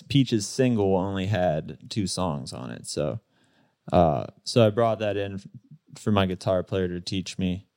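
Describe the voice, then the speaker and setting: A man in his thirties, a guest in a casual interview, telling stories in a relaxed way with lots of fillers and laughs. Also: low voice, no room sound, clean studio sound. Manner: relaxed storyteller, laughs often, many fillers.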